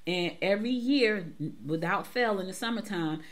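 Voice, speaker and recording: A woman's voice: mid-range voice, moderate pace. A middle-aged woman from Georgia, hosting a morning show in a chatty, emphatic way and repeating herself as she talks straight to listeners. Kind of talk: casual talk-show commentary.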